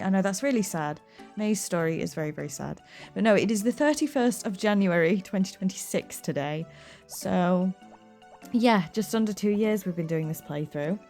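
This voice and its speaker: A woman's voice: mid-range voice, darkish tone. A woman hosting a game playthrough, chatting casually, often laughing and close to tears. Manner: chatty, giggly, flustered. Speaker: gaming channel host.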